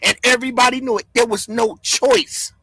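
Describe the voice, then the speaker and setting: A man hosting a livestream, yelling and cursing in fired-up commentary from home. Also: very high-pitched, steady tone, normal speed, vocal fry, breathy edge, no echo. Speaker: livestream host.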